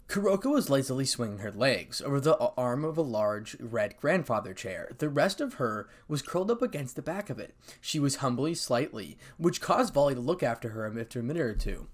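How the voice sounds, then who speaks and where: Guy reading out a fanfic, animated pitch, quick with little slips. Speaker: story narrator. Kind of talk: fan fiction reading.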